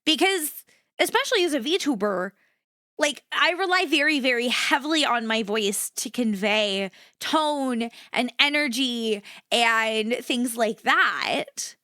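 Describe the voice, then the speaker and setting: A young adult woman VTuber chatting casually on a live stream, moving between upbeat energy and a flatter low-key tone. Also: slow, no echo, studio quality. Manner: animated, shifts between bright energetic and low flat delivery.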